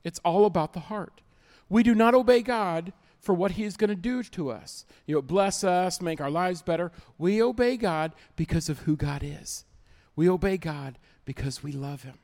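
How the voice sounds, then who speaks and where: A man's voice: high voice, normal speed, hardly any pauses, a little mellow. A man preaching a sermon as pastor, emphatic, repeating key lines and acting out little everyday scenes.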